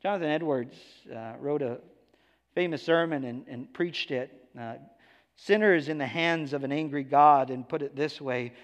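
Emphatic high-voiced male preacher. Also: normal speed, big-room sound. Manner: emphatic, swinging from hushed to raised. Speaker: pastor. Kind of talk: sermon.

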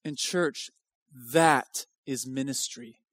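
A man's voice: medium pitch, slow pace, fairly bright tone, no echo. A male pastor preaching an impassioned sermon at a church service, driving home repeated rhetorical questions.

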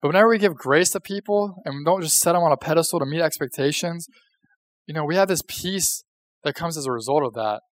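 A young man gives a casual sermon from a church stage, talking to his listeners as if in conversation and dropping jokes and questions. His voice sits on the higher side. The sound is dry and close, with little room echo. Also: fast talker. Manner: conversational, joking, asks the audience questions. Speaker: pastor.

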